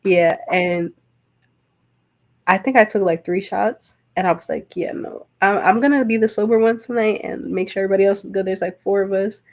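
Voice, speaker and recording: Woman, podcast guest, casual chat, gravelly fry, chatty storyteller. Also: medium pitch. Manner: chatty storyteller, quick to laugh.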